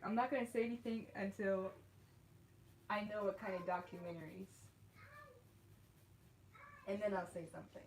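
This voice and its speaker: A woman's voice: mid-range voice, steady tone, normal speed, pauses often. A woman artist chatting casually with viewers while she paints, rambling, restarting her sentences and laughing often. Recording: echoey room, faint background noise.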